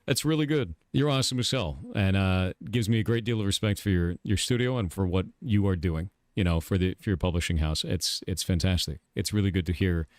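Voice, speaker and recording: A man interviewing a guest, halting and repeating words as he asks, played from a clip. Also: sits low, dry recording, studio quality. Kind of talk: interview question.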